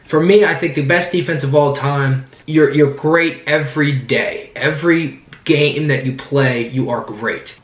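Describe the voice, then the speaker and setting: A man with a hoarse voice, hosting his own channel and rambling excitedly about his team. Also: fairly high pitch, measured pace, few pauses, echoey room. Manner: rambling, excited, restarts sentences often. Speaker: sports fan channel host. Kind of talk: casual sports vlog commentary. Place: indoor room, sitting down.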